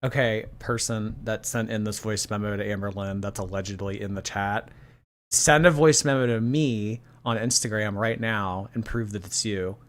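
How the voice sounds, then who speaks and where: A woman's voice: extremely low pitch, steady tone, normal speed. Chatty sarcastic woman streamer. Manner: chatty, sarcastic, reads chat aloud. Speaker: host. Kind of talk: casual livestream commentary.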